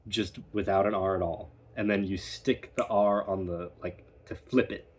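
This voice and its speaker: American man, accent coach, slow and deliberate, breathy low voice, repeats example words. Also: fairly even intonation, a little mellow. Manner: demonstrates words by repeating them. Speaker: dialect coach. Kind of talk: accent lesson.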